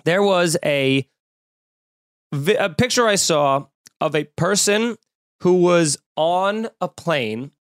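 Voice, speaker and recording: A man hosting a podcast, going on an animated, exasperated comedic rant full of cursing. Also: sits high, slow, no room sound, clean studio sound. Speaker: podcast host. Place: room at home with windows open.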